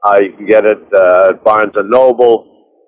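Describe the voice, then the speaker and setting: A man with a fairly low voice phones in from his car, coming through a dull, muffled line. He talks in a halting, rambling way, restarting his sentences often. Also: fairly even intonation, smooth. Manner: hesitant, rambling with many restarts. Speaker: guest author. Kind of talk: phone interview. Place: car, while driving.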